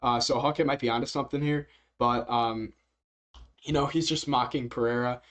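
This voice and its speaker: Man, casual reaction commentary, rambling, filler-heavy, chuckling, mid-pitched. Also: fairly even intonation, moderate pace, fairly bright tone. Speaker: MMA reaction youtuber.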